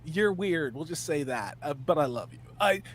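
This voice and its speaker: A male co-host in a casual reaction chat, with a voice pitched high for a man. He sounds exasperated and scornful, stumbling and restarting as he tears into what he watches. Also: lively intonation, normal speed, breathy edge.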